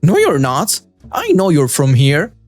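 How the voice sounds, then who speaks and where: A man's voice: a little high, huge pitch swings, unhurried, a little mellow, no echo, soft background music. A man voicing a self-righteous middle-aged woman who scolds a stranger in a shop in a preachy, accusing way. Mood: scolding.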